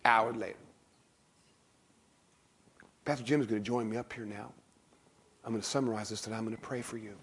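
A man preaching a sermon as pastor in a church, in an emphatic, animated way. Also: lowish voice, brisk, pauses often, a little hiss or hum. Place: church stage.

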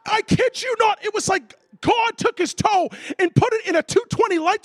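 A man preaching a sermon, telling a comic story with animated delivery and shouted sound effects. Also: very high-pitched, moderate pace, hardly any pauses, no room sound.

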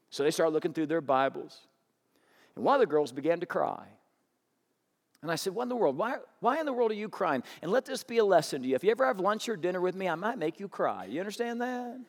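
A man's voice: high voice, long reverb tail. A man, a pastor, preaching a sermon with storytelling and playful humor.

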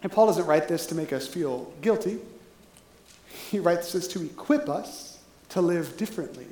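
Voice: medium pitch, lively intonation, normal speed, mellow. Conversational preacher in an echoey room. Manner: conversational preaching, often asking "right?". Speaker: pastor. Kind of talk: sermon.

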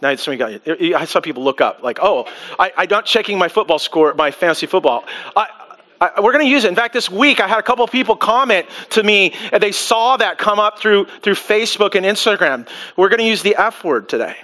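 A male pastor preaching to a congregation in church, animated and full of restarts, acting out quotes as he goes. His voice sits high for a man and has a bright, forward edge. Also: fairly quick. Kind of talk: sermon. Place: church before a live congregation.

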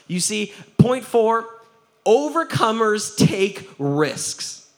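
A man, a pastor giving a lively sermon, acting out the quotes he tells and laughing often. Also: high voice, slow pace.

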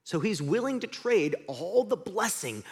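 Male pastor, middle-aged, sermon, high lively voice, animated delivery, shifts between loud and hushed. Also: unhurried, slightly rough. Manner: animated, shouts quoted lines, drops to quiet intensity.

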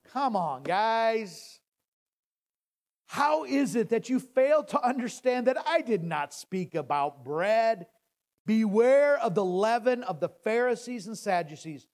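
A man preaching with a high, highly animated voice that rises and falls widely. He talks slowly and drawn out, swinging from loud declarations to near-hushed phrases. His retelling of scripture is casual and conversational. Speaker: pastor. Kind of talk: sermon.

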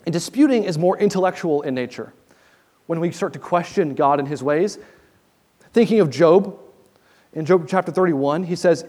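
A man's voice: a little high, moderate pace, long pauses, darkish tone. A man preaching an expository sermon as a pastor, talking in an earnest, conversational way that often restarts mid-sentence. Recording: long reverb in a large hall.

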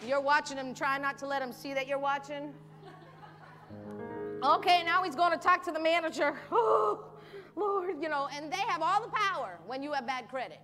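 High-voiced woman preaching over music. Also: moderate pace, big-room sound. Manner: animated, acts out pleading voices, laughs often. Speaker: pastor. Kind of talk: sermon. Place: church service.

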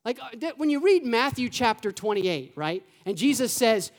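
An animated pastor delivers a sermon in a church sanctuary, talking to the congregation like a conversation. He throws in rhetorical questions, casual fillers and quick off-the-cuff asides. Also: mid-range voice.

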